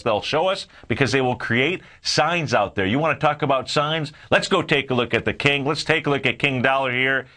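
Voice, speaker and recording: A man's voice: medium pitch, pushed and bright. A man hosting a live trading show, walking viewers through market charts in a folksy way with frequent fillers.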